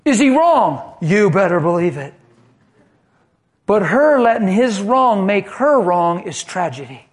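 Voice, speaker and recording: A man preaching a sermon in an impassioned, animated way, swinging between quiet and loud. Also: high-pitched, measured pace.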